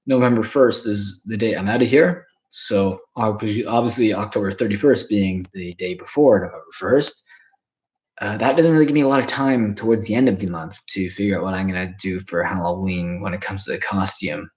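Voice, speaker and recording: A man's voice: on the low side, fairly quick, lo-fi sound. A man in his twenties, rambling and swearing casually while reacting to chat on a livestream. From Canada. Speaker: streamer.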